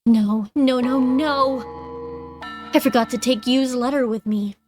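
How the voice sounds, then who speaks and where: Expressive woman reading a visual novel. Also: high-pitched, slow. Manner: expressive dramatic reading, breaks into casual asides. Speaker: game streamer. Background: game background music.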